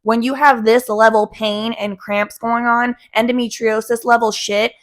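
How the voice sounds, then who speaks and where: A young woman talks straight to her viewers in a casual vlog. Her voice sits a little high, and she swears bluntly and freely. She keeps an animated, outspoken delivery throughout. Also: measured pace. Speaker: vlogger.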